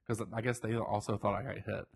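A man co-hosting a podcast, chatting casually and telling a story with lively acted-out quotes. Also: fairly low pitch, fairly quick, creaky, husky. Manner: animated storyteller, acts out quoted voices. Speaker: podcast co-host. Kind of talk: casual chat.

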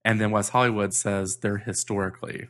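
A man's voice: fairly low pitch, fairly even intonation, brisk, fairly bright tone. A man hosting a podcast, chatting casually and reading out news items. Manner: laid-back, chatty, reads out news items. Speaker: podcast host. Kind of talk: casual chat.

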